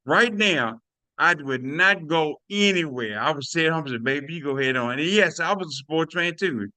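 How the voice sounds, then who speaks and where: Excited older man, bright and animated. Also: a little high, normal speed, dry recording. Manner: animated, preachy, addresses listeners as y'all. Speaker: testimonial speaker. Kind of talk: excited personal testimony on a video call.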